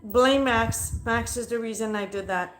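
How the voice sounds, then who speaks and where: A woman's voice: a little high, unhurried. A young adult woman chatting playfully and bluntly on a casual live stream, talking to her dog and giving readings. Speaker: live psychic reader.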